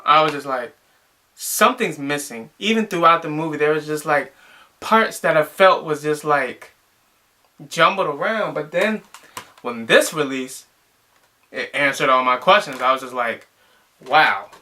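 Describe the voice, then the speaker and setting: A man's voice: fairly high pitch, lively intonation, measured pace, bright, forceful tone. A young man casually reviewing a movie, rambling and exasperated, with lots of filler words.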